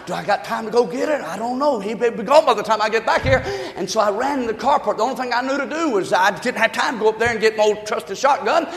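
A preacher with an unusually high voice delivers a folksy, fervent sermon, chatting with his congregation and often raising his voice to a shout. His voice rings out through a church with a long, echoing reverb. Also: expressive, fast. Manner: folksy storytelling with asides to the congregation. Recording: reverberant hall.

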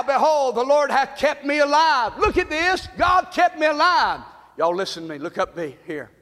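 A man preaching a fervent sermon as pastor, shouting and calling on the congregation to respond. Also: high-pitched. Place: church sanctuary. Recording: long hall reverb.

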